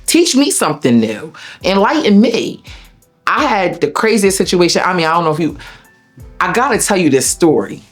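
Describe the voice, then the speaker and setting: A woman with a Delaware accent, an interview guest telling a personal story in a blunt, profane, animated way. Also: lowish voice, moderate pace, soft background music. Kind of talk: emotional storytelling.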